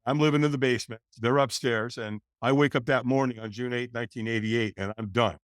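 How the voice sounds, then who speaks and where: A man in his sixties, a podcast guest, telling his life story in a lively way and acting out the voices of people in it. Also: medium pitch, fairly quick, dry recording, clean studio sound. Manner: animated, acts out voices in his stories. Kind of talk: storytelling interview.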